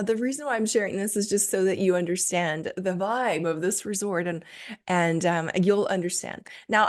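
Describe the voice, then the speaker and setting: A woman hosting a solo podcast, telling a personal story in an enthusiastic, chatty way with frequent fillers. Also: medium pitch. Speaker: podcast host.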